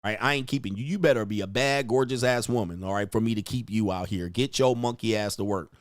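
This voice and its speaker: A man hosting an online show in a loud, mocking, profane ranting style, swinging into high shouted tirades. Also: fast talker, no echo. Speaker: online dating coach and host.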